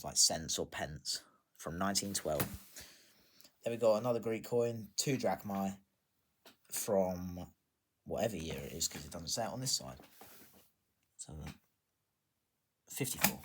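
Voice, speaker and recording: A man casually showing his coin collection, chatty and self-deprecating, pausing to check dates. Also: fairly low pitch. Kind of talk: casual show-and-tell narration.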